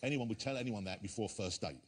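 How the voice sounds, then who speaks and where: A man's voice: lowish voice, fast, slightly rough. A man hosting a talk show, teasing his guest and laughing often, stretching out his punchlines. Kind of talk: playful studio chat.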